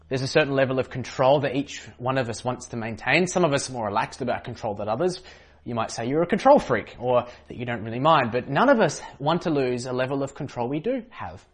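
Husky Australian pastor preaching. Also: male voice, mid-range voice. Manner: conversational, with fillers and restarts. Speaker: senior pastor. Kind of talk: online sermon.

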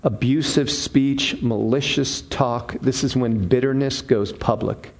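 A man preaching a sermon, defining terms one by one with deliberate, emphatic pauses. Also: medium pitch, creaky. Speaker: pastor.

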